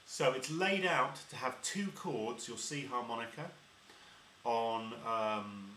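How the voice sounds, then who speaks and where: Far from the mic, amid heavy background noise and roomy echo, a man patiently teaches harmonica step by step, explaining and demonstrating each sound. He speaks slowly in a medium-pitched voice.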